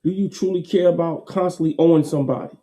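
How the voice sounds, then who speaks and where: Man, very dark mellow tone, slightly high voice, folksy repetitive motivational talk. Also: fairly even intonation, quick pace. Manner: folksy, repetitive, emphatic with laughs. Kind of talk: casual motivational monologue.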